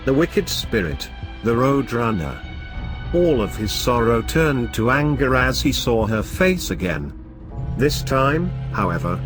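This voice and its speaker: A man narrating scripted horror stories in a dramatic, measured way. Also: mid-range voice, fairly bright tone.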